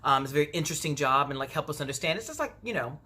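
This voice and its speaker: A woman recapping a reality TV episode in a casual, gossipy vlog, animated and full of acted-out quotes. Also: sits low, rapid-fire, slightly rough. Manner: chatty, gossipy, animated retelling; acts out quotes in exaggerated voices.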